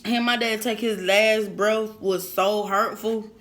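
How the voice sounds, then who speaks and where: Woman vlogging a sad story, close to tears, keeps repeating herself, bright voice. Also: medium pitch, fairly even intonation, a little hiss or hum. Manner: emotional, halting, repeats herself. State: holding back tears. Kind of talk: personal story told to camera.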